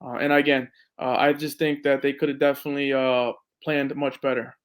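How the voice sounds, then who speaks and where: A man's voice: medium pitch, flat delivery, fairly quick. A man, a veteran and police officer, talking earnestly as a podcast guest with lots of fillers. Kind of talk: casual interview talk.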